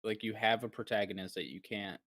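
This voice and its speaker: A man's voice: on the low side, fairly quick, a bit bright, dry recording. A man co-hosting a podcast in casual chat, rambling with many restarts and acting out his own reactions. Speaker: podcast co-host.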